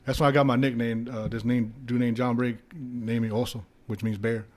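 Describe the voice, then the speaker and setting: A man's voice: medium pitch, brisk. Profane storytelling man. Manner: animated anecdotes with profanity and laughter. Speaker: podcast guest, former heavyweight boxer. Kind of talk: casual storytelling.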